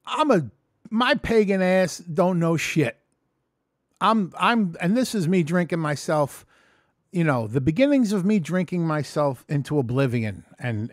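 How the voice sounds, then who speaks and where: A man's voice: fairly high pitch, no room sound, studio quality. Profane New man telling a story. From New York. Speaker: vlogger. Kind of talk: casual storytelling vlog. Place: room at home. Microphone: close mic in front.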